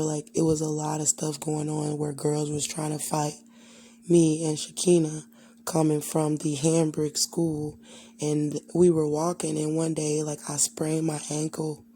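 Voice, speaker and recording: Woman, young adult, candid personal storytelling, rambling fillers, even flat delivery, faint background noise. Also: low-pitched. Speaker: vlogger.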